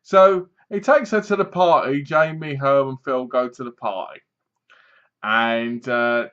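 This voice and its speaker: A man's voice: medium pitch, unhurried, fairly bright tone. Man rambling through a plot on webcam. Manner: rambling, laughing retelling of a plot. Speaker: film reviewer. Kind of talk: casual film review vlog. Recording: dull lo-fi webcam audio.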